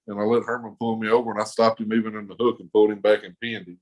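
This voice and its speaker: A man's voice: on the low side, flat delivery, racing, darkish tone, poor audio. A man with a drawl spins a casual story as a podcast guest. His talk is rambling and profane, full of laughter.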